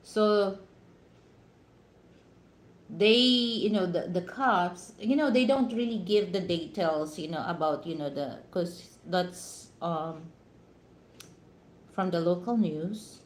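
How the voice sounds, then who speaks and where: A woman's voice: fairly low pitch, slow pace, pauses often, slight background noise. A woman from the Philippines with a Filipino accent, giving advice to her viewers in a casual live-stream talk, full of "you know" fillers. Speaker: vlogger. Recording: echoey room.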